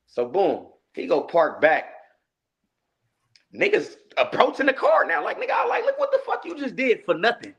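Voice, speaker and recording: A man telling a story in a casual interview, animated and acting out the lines he quotes. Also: extremely high pitch, normal speed, vocal fry. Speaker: guest, rapper.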